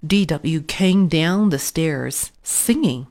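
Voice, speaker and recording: A woman reading a children's picture book aloud in an expressive, unhurried way. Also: on the low side. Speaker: storybook reader. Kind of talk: children's story read-aloud.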